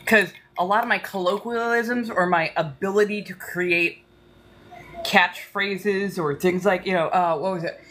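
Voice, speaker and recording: A woman's voice: mid-range voice, steady tone, unhurried, a bit bright, a little hiss or hum. A woman hosting a casual livestream, ranting heatedly with lots of swearing and a slight Southern accent. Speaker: tarot livestream host.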